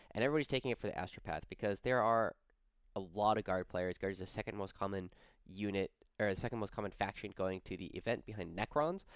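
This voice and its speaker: A man's voice: on the low side, smooth, no echo. A young man hosting a hobby gaming channel, rambling casually with lots of fillers and self-corrections. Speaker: wargaming channel host.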